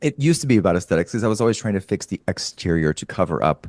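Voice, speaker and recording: A man with a low voice tells stories in casual chat, swinging widely in pitch as he goes. He swears freely and laughs often. The sound is dry and close. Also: very animated, very fast, a little mellow, no echo. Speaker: podcast guest, comedian.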